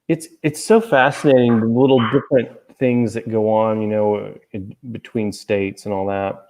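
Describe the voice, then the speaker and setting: A man's voice: lowish voice, steady tone, normal speed, few pauses, darkish tone. A man hosting a casual livestream chat, rambling and joking, talking from outdoors near a golf course. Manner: rambling, easily distracted, joking. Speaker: host and author.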